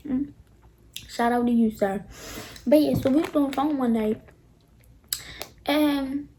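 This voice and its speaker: A young woman with a fairly high voice tells a storytime tale straight to her viewers. She is casual and animated, leaning into the drama of every twist. A soft hiss of faint noise sits under her voice at home. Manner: animated, dramatic retelling, addresses viewers directly. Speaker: vlogger.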